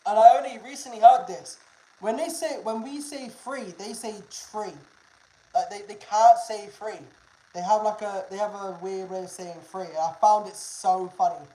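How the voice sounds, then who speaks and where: A woman's voice: medium pitch, moderate pace, warm tone, slight background noise. A woman chatting casually with viewers on a live stream, bantering loosely, swearing and laughing. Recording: roomy echo.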